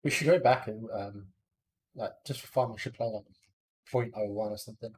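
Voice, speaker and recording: A man's voice: lowish voice, fairly quick, a little mellow, breathy edge. A man on a dev stream chatting casually, laid-back and agreeable. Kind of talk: casual chat.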